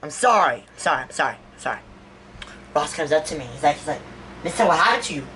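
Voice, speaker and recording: A woman's voice: low voice, lively intonation, quick pace, a bit bright, far from the mic, slight background noise, low-quality recording. A woman voicing a grieving young man who gives a rambling, stammering eulogy in a homemade toy-figure animation. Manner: stammering, repeats words, rambling. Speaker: eulogy speaker.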